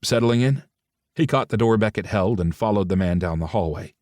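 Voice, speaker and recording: A man's voice: deep voice, fairly quick, a little mellow, no room sound, clean studio sound. A man narrating a romance audiobook, switching into different voices for the characters' dialogue.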